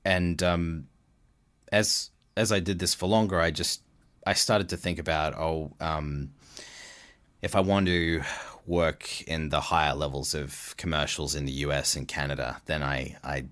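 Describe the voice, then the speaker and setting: Very deep-voiced Australian man, chatty guest. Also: fairly even intonation, a little slow, a bit bright, dry recording. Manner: chatty, laughs often, many restarts. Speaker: voice actor guest. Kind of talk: casual interview chat.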